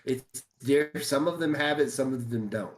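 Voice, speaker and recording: A man's voice: medium pitch, moderate pace. Rambling podcast co-host man. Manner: rambling, repeats himself. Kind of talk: casual chat.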